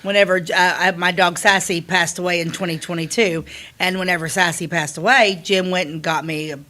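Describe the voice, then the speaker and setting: A woman co-hosting a podcast, chatting in an animated way with frequent restarts. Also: fairly low pitch. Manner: animated, quick to laugh, restarts often. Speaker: podcast co-host and play director. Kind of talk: casual chat.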